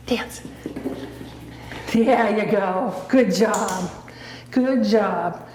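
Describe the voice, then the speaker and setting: A woman's voice: mid-range voice, slow pace, pauses often, a little mellow. A woman training her dog, chatting casually and giving patient, coaxing short commands. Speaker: dog trainer showing her dog's tricks. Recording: echoey room with faint background noise.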